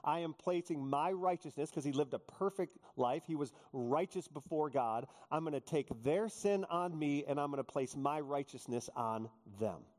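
A male pastor preaching a sermon, joking with the congregation and acting out quotes in animated storytelling. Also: on the high side, moderate pace, hardly any pauses. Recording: long hall reverb.

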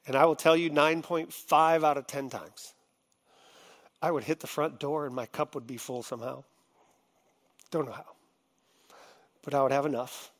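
A middle-aged man preaching a sermon, heartfelt, moving between quiet confiding and loud, impassioned venting. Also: sits high. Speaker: pastor.

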